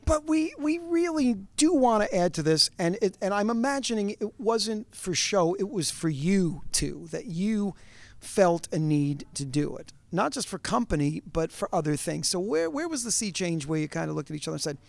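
A middle-aged man interviewing a musical duo, asking rambling, animated questions full of asides. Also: sits high, moderate pace, vocal fry, no room sound. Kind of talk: conversational interview.

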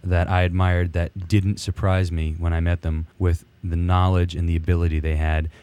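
A man in his fifties, a musician guest telling stories in a relaxed way, with many fillers. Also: low-pitched, moderate pace, clean tone. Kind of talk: casual studio interview. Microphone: studio mic.

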